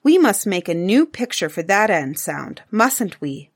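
A woman's voice: medium pitch, sing-song, measured pace, breathy edge, dry recording, studio quality, exaggerated voice. A woman voicing an eager, chattering little cave girl in a storybook reading.

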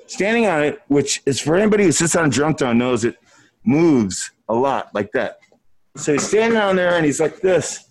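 A middle-aged man tells a rambling tour story in front of a room. His voice sits a little high and swoops up and down with animation. He swears freely and laughs through his own anecdote. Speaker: musician telling a tour story.

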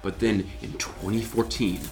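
A man's voice: on the low side, flat delivery, measured pace, creaky, over music. A man joining a casual podcast chat, wry and conspiratorial.

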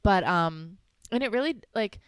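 A young woman co-hosting a podcast, chatting excitedly with lots of filler words. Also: medium pitch, normal speed, smooth, no echo, studio quality. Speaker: podcast co-host. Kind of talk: casual chat.

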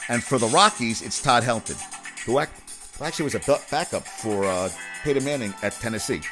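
A man hosting a casual solo sports talk show, rambling quickly from item to item with lots of fillers and swearing. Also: medium pitch, over music. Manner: rapid, rambling, profane, with many fillers.

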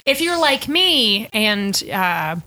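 Bright-voiced woman, joking and profane. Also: medium pitch, sing-song, takes it slowly. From Irish heritage. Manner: profane, joking, laughs often. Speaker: podcast co-host. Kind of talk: casual chat.

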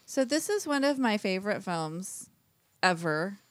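A woman's voice: mid-range voice, very animated, unhurried, no room sound. A woman in her thirties co-hosting a podcast, chatting casually and rambling with frequent laughs. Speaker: podcast co-host. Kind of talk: casual chat.

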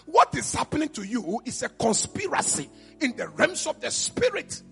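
A man with a Ghanaian accent, a pastor preaching a sermon, rising to high shouts and falling to quiet murmurs. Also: huge pitch swings, normal speed, creaky. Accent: Ghanaian English. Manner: preaching, shouts to a high pitch then drops to a low murmur. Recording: reverberant church hall with music behind.

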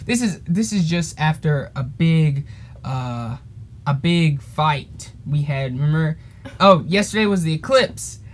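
A man's voice: on the high side, slight background noise. Rambling teen guy telling a story. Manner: rambling, laughs often, goes off on tangents. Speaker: podcast host. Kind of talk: casual storytelling chat.

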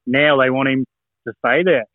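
A man's voice: mid-range voice, moderate pace, no room sound. A man from New Zealand co-hosting a casual sports podcast, chatty and blunt. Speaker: podcast co-host. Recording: dry, tinny phone-like line.

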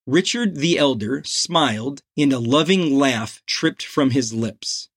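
A man narrates a crime novel in a slow, deliberate reading. His voice has a husky edge at a middle pitch. The sound is dry and close, with no room around it. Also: lively intonation, no echo. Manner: slow, measured reading with quoted dialogue. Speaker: audiobook narrator.

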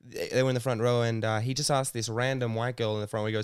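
A man co-hosting a podcast, chatting loosely with plenty of swearing. His voice is mid-pitched and recorded dry and close, with no room sound. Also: little pitch movement, very fast, clear, resonant tone, no echo. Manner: loose, swearing, laughs often. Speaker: podcast co-host. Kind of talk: casual chat.

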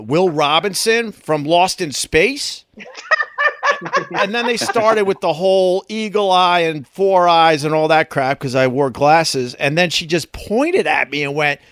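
A man's voice: on the high side, a bit bright, clear, resonant tone, dry recording, studio quality. A man chatting on a podcast, telling stories about his childhood and laughing easily. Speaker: podcast guest. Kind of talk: casual chat.

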